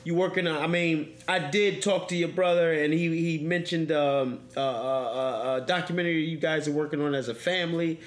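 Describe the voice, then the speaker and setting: High-voiced man hosting in a roomy space. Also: normal speed, hardly any pauses. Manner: animated, joking, laughs often. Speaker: podcast host. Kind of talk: casual interview chat. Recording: roomy echo.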